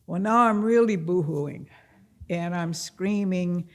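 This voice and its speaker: An older man telling a personal story to a live audience at a library event, unhurried and plain-spoken, acting out the voices in his tale. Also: a little high, creaky. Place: public library event room.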